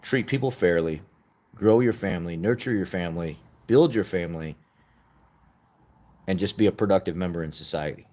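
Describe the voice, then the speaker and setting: A man with a very deep, low voice talks in a casual podcast style. He presses his points earnestly, repeating short phrases, and admits to getting emotional along the way. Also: moderate pace, pauses often, a little mellow. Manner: earnest, repetitive motivational urging; openly emotional, laughs at himself. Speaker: podcast host. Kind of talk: casual opinion talk.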